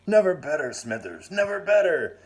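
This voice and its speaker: A man's voice: medium pitch, animated, measured pace, darkish tone. A man voicing a bluff, lecherous aristocratic old lord who speaks in clipped, blustering phrases. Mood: boisterous. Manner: clipped, blustering upper-class talk.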